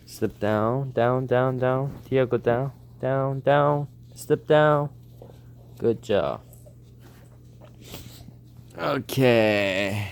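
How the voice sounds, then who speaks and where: A woman's voice: very deep voice, drawn-out words, creaky, pauses often, a little mellow. A woman at home talking to her pet birds in coaxing baby talk, chatting casually with her partner. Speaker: pet bird owner.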